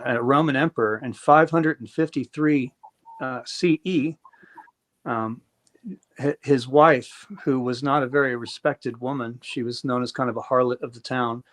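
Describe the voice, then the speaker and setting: Man debater, mid-pitched, lectures in long run-on stretches with occasional stumbles. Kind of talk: conversational debate.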